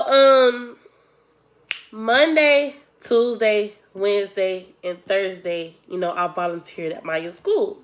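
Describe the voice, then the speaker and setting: A young woman vlogger with a mid-range voice tells a casual storytime, animatedly acting out the people she quotes.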